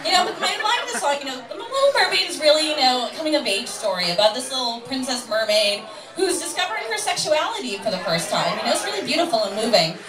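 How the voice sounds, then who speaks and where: A woman's voice: sits high, very animated, quick pace, a crowd in the background. A woman comedian doing a stand-up set in a club, loose and sarcastic with crude punchlines. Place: comedy club stage with a live audience. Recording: roomy live club recording from a distance, with audience noise.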